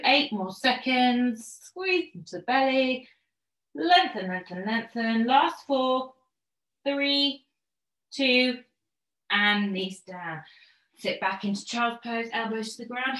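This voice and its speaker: A woman leads a pilates workout, calling out cues and counting down reps in an encouraging way. She is slightly out of breath, her voice sits a bit high, and the room gives it a noticeable echo. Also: a bit bright. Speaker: fitness instructor. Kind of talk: online pilates class instruction. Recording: echoey room.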